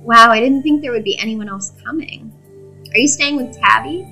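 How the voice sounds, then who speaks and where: A woman's voice: on the high side, moderate pace, vocal fry, bright, forceful tone, faint music behind, rough recording. A woman voicing a chatty, curious young woman from a small town.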